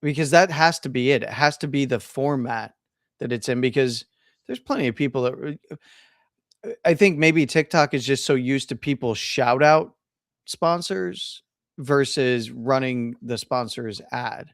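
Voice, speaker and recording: A man's voice: medium pitch, unhurried, no room sound. Opinionated male co-host, dry close mic. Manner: opinionated, stammers and restarts, laughs easily. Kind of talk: casual live-stream chat.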